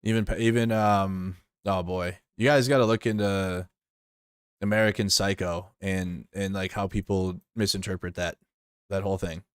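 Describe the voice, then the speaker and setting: A man talks loosely on a live stream, rambling, restarting and swearing as he reacts. His voice sits somewhat low and smooth, with a dry close sound and no room around it. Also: steady tone, normal speed, no echo. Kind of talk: casual live stream commentary.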